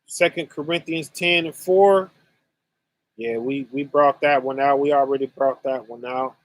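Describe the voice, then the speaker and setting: Slow-talking man teaching scripture. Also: mid-range voice. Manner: slow and deliberate, addressing chat viewers directly; conversational, with frequent "right?" and "you know". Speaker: host of a religious online conference. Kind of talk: casual livestream teaching on scripture.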